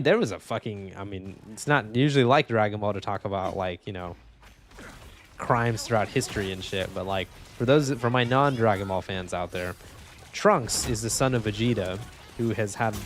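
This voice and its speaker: A young man talking casually while playing a video game, joking, rambling and swearing freely. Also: fairly low pitch. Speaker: gaming streamer. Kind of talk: casual gameplay commentary.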